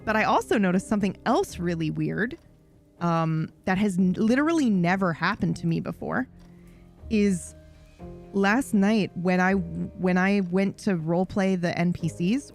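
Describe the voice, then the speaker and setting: A woman livestreamer in casual chat, rambling and swearing freely with a self-deprecating streak. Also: mid-range voice.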